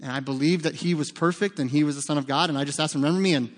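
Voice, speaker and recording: A humble, bewildered thief, as a preaching man puts him on stumbles over his words. The man's fairly high voice rings under a long church-hall reverb. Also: racing, lightly acted. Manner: hesitant, stammering.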